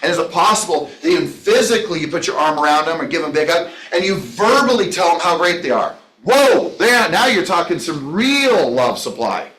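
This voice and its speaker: A man's voice: on the high side, very animated, a little fast, hardly any pauses, fairly bright tone. A man leading a business training session, talking in an enthusiastic, rambling way and addressing listeners by name. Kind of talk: motivational training talk. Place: training room. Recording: echoey room.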